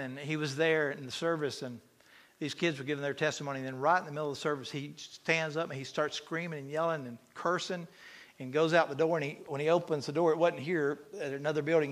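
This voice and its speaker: A man preaching an impassioned sermon, swinging from loud to hushed and asking the congregation questions. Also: a little high.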